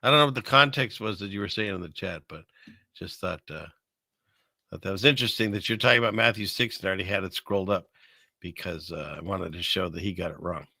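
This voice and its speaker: A man's voice: low-pitched, fast talker, vocal fry, sharp tone, no room sound. A man hosting a casual livestream, rambling conversationally and reading Bible verses aloud. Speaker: live stream host. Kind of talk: casual livestream commentary on scripture and conspiracies.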